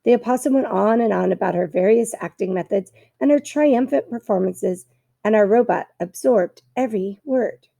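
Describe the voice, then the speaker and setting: A woman reading a children's novel aloud in a steady storytelling manner, with occasional small stumbles. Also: mid-range voice, normal speed, creaky, no echo, clean studio sound. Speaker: reader.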